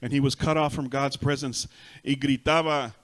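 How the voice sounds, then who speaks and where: A male pastor with a Texas Spanish accent, preaching a sermon and repeating each point in Spanish and then in English, swelling loud on emphasis. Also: medium pitch, fairly even intonation, moderate pace. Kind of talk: bilingual sermon. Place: church sanctuary.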